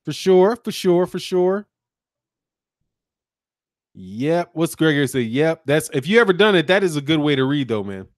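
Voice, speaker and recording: A man's voice: on the high side, big pitch swings, normal speed, pauses often, dry recording, clean studio sound. Joking American man reading comments. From United States. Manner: laughing often, loose and joking. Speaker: channel host. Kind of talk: casual chat reading live comments.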